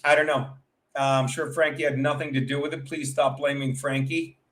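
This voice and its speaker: A man's voice: mid-range voice, level tone, normal speed, a bit bright. A man hosting a livestream, telling a rambling, profane comic story and chatting with viewers as he goes. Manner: profane, tumbling, self-interrupting; chats with live viewers. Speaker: livestream show host.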